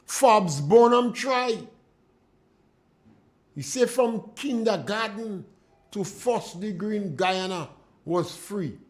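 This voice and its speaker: A Grenadian man hosts a call-in talk radio show from the studio, with a fairly high voice. He speaks slowly and deliberately, pressing his points home with indignant emphasis. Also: animated. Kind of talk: political commentary on call-in radio.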